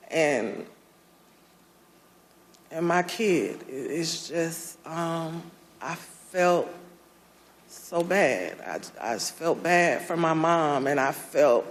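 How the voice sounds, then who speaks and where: A woman, a former election worker, giving emotional testimony, soft-spoken and halting, with many pauses and restarts, sounding distressed and close to tears. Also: fairly low pitch, long reverb tail.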